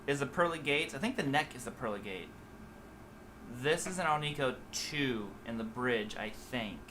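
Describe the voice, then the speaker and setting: Bright-voiced man with a Midwest-Southern accent. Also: mid-range voice, expressive, moderate pace, a little hiss or hum. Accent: mixed Midwest and Southern US. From USA. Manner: rambling, loose, many fillers and restarts. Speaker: guitar teacher answering live chat. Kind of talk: casual livestream chat.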